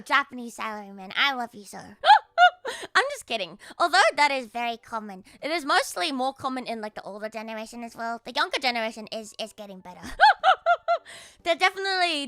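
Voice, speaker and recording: A woman's voice: on the high side, pushed and bright, dry recording. A woman streamer in casual sarcastic chat, rambling and laughing often, on a close mic.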